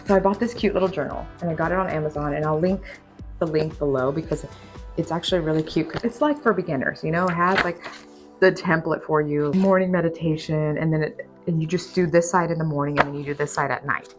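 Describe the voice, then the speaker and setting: A woman's voice: low-pitched, steady tone, quick pace, music in the background. A young woman vlogging to camera, telling her story in a candid, chatty, self-deprecating way and laughing often.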